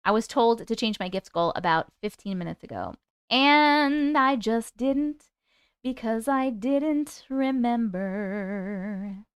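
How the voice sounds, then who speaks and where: A woman's voice: on the high side, takes it slowly, smooth, no echo, studio quality. A young adult woman hosting a live stream, chatting casually and laughing as she reads viewers' comments aloud. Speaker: YouTube live host.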